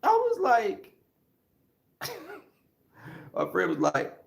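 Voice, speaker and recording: A man with a gravelly, fairly high voice spins comic stories with lively swings in pitch, laughing often and acting out the people in them. He speaks in a slow, drawn-out way. The sound is roomy and echoey. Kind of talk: comic storytelling. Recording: roomy echo.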